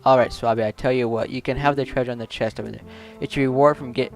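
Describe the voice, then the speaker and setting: A man's voice: mid-range voice, steady tone, fast talker, lightly acted. A man voicing a boastful young male pirate deckhand in a video game, talking in a cocky way. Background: game music.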